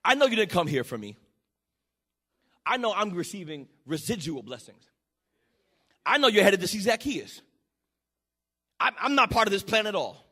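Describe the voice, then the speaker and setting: A male pastor preaching a sermon in a church, building to shouted peaks and dropping to quiet, low passages. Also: big pitch swings, normal speed, long pauses, breathy edge. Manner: shouting, rising to emphatic peaks.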